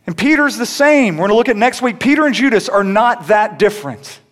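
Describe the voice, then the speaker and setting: A man's voice: high voice, expressive, a little fast, fairly bright tone. A young adult man preaching a sermon in a conversational way, stumbling on restarts and rising into emphatic peaks. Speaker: pastor.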